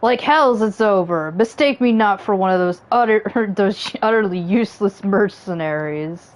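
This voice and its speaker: A woman's voice: medium pitch, moderate pace, close to an everyday voice, poor audio. Arrogant villain from a game, haughty and defiant, voice a bit raised as a woman streamer reads him. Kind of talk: reading game dialogue aloud.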